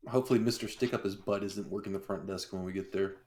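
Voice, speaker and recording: A man's voice: sits low, fairly even intonation, fast, a little mellow. A man playing a tabletop horror game, dry and sarcastic. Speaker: player. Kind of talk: in-character tabletop play.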